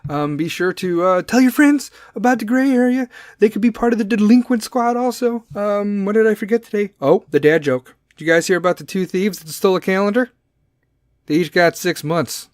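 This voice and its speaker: A man's voice: high voice, lively intonation, normal speed, dry recording, clean studio sound. A man hosting a casual solo podcast, talking bluntly and swearing a lot as he gives his opinions. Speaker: podcast host.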